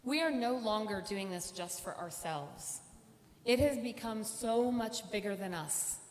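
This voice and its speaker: A woman's voice: medium pitch, a little slow. Storytelling woman in a big echoing hall. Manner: animated storyteller acting out quoted voices. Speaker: conference speaker. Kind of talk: personal story talk on stage. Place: large conference hall. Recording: reverberant hall with faint room noise.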